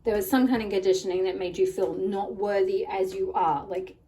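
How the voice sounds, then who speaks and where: A woman with a croaky voice from a cold, giving a rambling pick-a-card tarot reading full of "like" and "um". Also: medium pitch, steady tone, fairly quick, dark tone. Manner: rambling, many "like" and "um" fillers. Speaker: tarot reader. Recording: voice a bit far from the mic, faint room noise.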